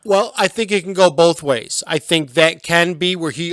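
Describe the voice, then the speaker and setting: A man in his forties talks casually as a podcast co-host, his voice sitting a touch high. He chimes in often and keeps things conversational. The sound is dry and close. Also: a bit bright, dry recording. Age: 40s. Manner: conversational, quick to interject and agree. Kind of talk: casual chat.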